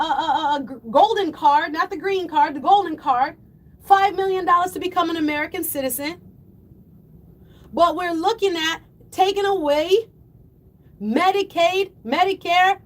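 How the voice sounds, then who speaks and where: Woman, radio host, high voice, fiery preachy commentary. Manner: fiery, preachy, rising to yelling then apologizing. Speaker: radio talk show host. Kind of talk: impassioned call-in show commentary.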